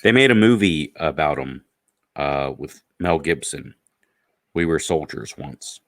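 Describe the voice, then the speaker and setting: A man with a very deep voice that still comes across bright and forceful, unhurried and drawn out. He hosts a loose, profane chat and tells long stories, dropping into quoted voices along the way. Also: lively intonation. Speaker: stream host. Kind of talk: casual chat.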